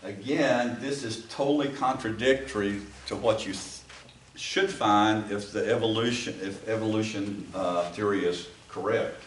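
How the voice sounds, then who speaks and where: A man's voice: on the low side, a little slow. Folksy Appalachian man teaching a class. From American South. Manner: folksy, with frequent uh fillers and restarts. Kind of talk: classroom lecture. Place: empty classroom. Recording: echoey room, camera far off, faint ambient noise.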